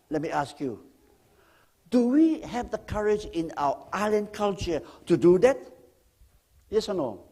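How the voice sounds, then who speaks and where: A man preaching a sermon as a guest pastor, speaking straight to the congregation with questions and swinging between loud emphasis and near-whispered lines. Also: sits high, normal speed. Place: church.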